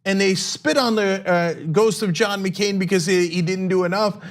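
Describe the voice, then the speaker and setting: A man's voice: sits high, steady tone, normal speed. A man hosting political commentary, sarcastic and indignant.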